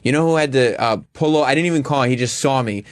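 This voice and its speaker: Man, radio host, casual chat, deadpan, self-mocking, dry studio sound. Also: mid-range voice, fast, no room sound.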